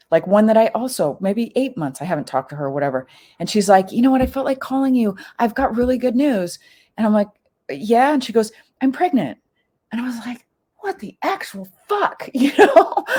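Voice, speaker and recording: A middle-aged woman, a podcast guest, telling a personal story in casual chat, full of fillers and acted-out quotes. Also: fairly low pitch. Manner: animated, many fillers and quoted asides.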